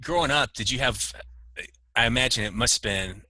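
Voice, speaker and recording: A man's voice: mid-range voice, moderate pace, bright, forceful tone. A man hosting a casual interview podcast, who asks curious, rambling questions full of fillers. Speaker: podcast host.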